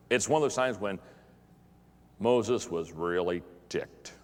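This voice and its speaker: A middle-aged man, a pastor giving a humorous live talk to an audience, telling stories in an animated, self-mocking way and often repeating words. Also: mid-range voice, normal speed, big-room sound. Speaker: pastor and leadership speaker. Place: large hall with an audience.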